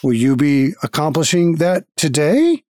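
A man's voice: on the high side, very animated, unhurried, darkish tone, dry recording, clean studio sound. A man voicing a fussy, malfunctioning guild automaton that speaks in scripted prompts. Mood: chirpy robotic. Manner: chirpy scripted prompts, mishears on purpose.

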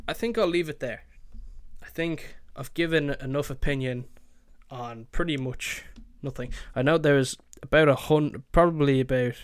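A man's voice: medium pitch, clean tone, no room sound, clean studio sound. A man hosting his own podcast, rambling casually with lots of fillers and swearing. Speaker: podcast host. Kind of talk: casual solo podcast chat.

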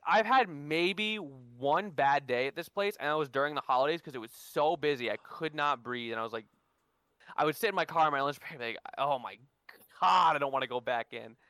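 Guy co-hosting a podcast, kinda high voice, dry mic, swears a lot while telling stories. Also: fairly quick, no room sound. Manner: animated storyteller, swears freely. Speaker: podcast co-host. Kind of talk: casual chat.

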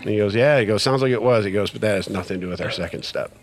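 Low-voiced man telling a story. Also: very fast. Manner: animated retelling with quoted dialogue, many fillers. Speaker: guest sharing recovery story. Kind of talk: casual storytelling conversation.

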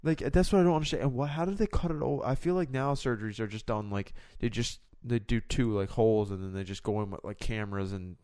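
A man's voice: medium pitch, fast, few pauses, darkish tone, smooth, no echo, clean studio sound. Young man chatting casually on a podcast. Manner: rambling, jokey, lots of fillers. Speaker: podcast co-host. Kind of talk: casual chat.

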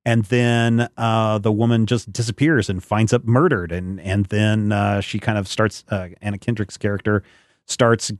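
A man hosting a podcast in casual chat, rambling and halting with many fillers. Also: lowish voice, fairly even intonation, dry recording, studio quality. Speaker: podcast host.

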